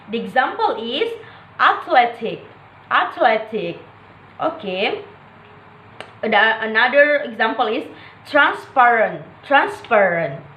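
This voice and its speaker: A woman, a non-native English speaker whose first language is Malay, gives a classroom presentation on word stress, filling pauses with "okay" and "uh" and repeating each example word. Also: fairly high pitch, fairly bright tone, slight background noise. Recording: echoey room.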